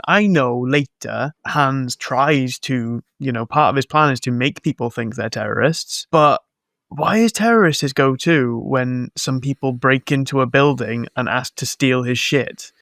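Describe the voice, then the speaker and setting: A man's voice: medium pitch, moderate pace, creaky, fairly bright tone, no room sound, studio quality. A man co-hosting a podcast, recapping a film in a rambling, jokey, sarcastic way. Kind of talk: casual film-recap chat.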